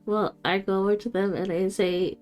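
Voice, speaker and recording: A woman's voice: mid-range voice, steady tone, moderate pace, darkish tone, faint music behind. A woman playing a character in a tabletop game, giggly and playful, often hesitating. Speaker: player.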